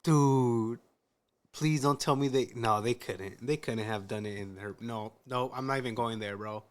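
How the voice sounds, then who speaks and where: A man's voice: medium pitch, unhurried. A man reacting to a story with slangy, exclamatory interjections. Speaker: reaction host. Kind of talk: reaction commentary.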